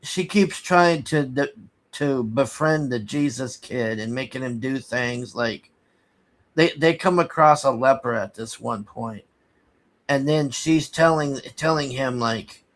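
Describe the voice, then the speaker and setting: Slow, rambling man recapping a movie. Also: medium pitch. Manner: rambling, halting, many restarts and fillers; exasperated, sighing. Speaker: movie reviewer. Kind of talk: casual spoken movie recap.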